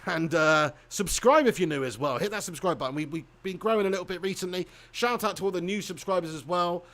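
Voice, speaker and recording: A man's voice: high voice, fast, a bit bright. Chatty Englishman hosting a live stream. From England. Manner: chatty, jokey, reads viewer comments aloud. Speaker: football watch-along host. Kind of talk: live-stream chat and shout-outs.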